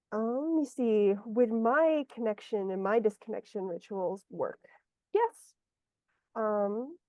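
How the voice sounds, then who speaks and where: A woman with a fairly high, mellow voice guides a client one-on-one as an energy healer, meandering and searching aloud for her words over a video call. The audio is muffled and lo-fi, with no room sound.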